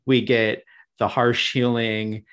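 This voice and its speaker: A man talking as a guest in a casual spiritual chat, halting and full of restarts. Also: mid-range voice, flat delivery, a bit bright, clean tone. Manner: halting, many fillers and restarts.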